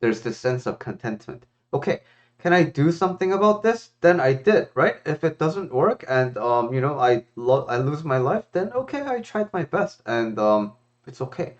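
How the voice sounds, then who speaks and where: A male life coach talking through a viewer's question, thinking aloud with many fillers and restarts. His voice moves a lot in pitch, and the recording sounds dull and lo-fi. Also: normal speed. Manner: thoughtful, lots of fillers and restarts, expressive. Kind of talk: casual reflective talk to camera.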